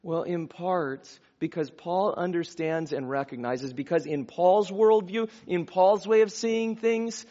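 High-voiced man preaching a sermon. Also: measured pace, few pauses. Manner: conversational, with warm asides and chuckles. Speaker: pastor. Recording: dull lo-fi sound.

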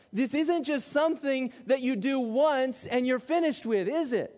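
High-voiced man preaching in a reverberant hall. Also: lively intonation, measured pace, few pauses, a little mellow. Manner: emphatic preaching with rhetorical questions. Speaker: pastor. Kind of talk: sermon. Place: church sanctuary.

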